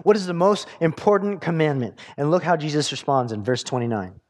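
A male pastor preaching with a slightly raised pitch. He talks conversationally, stumbling through fillers and restarts as he explains his points. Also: sing-song, brisk, darkish tone. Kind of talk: sermon.

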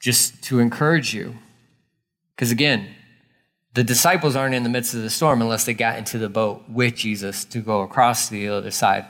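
A man's voice: mid-range voice, fairly even intonation, moderate pace, fairly bright tone. A man giving a sermon as a pastor, casual and emphatic, repeating key lines for weight.

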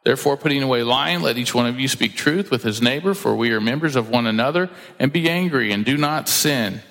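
A man's voice: medium pitch, brisk, creaky, fairly bright tone. A man preaching a sermon as pastor, emphatic and conversational, acting out quoted voices as he teaches. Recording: long hall reverb.

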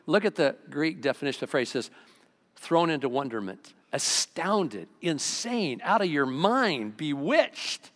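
A pastor preaching a sermon in an animated way, swinging from loud excited bursts to low quiet asides. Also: male voice, unhurried. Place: church sanctuary. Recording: long reverb of a large church hall.

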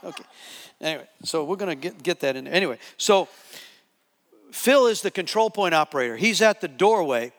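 A man preaching a sermon to a live audience, telling a story with lively acted-out quotes. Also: a little high, fairly quick. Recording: long hall reverb.

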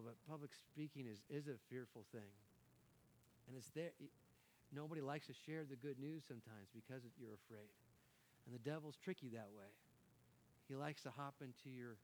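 Animated man preaching a sermon. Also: mid-range voice, slight background noise. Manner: animated, laughing often, self-interrupting with restarts. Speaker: pastor.

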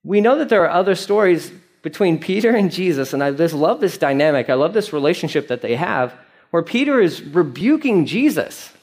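A male pastor preaching a sermon in an animated, conversational way, with frequent fillers. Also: a little high, a little fast.

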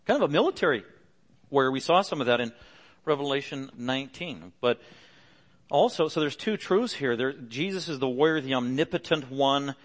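A middle-aged male pastor preaching a sermon earnestly, pressing harder and louder on key points. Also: medium pitch, lively intonation, normal speed.

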